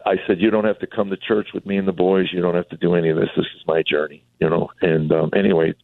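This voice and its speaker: A man's voice: low-pitched, flat delivery, fast talker, gravelly, no echo. A middle-aged comedian telling his life story on a radio talk show, acting out the voices of people he quotes. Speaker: comedian and author guest. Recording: tinny phone line.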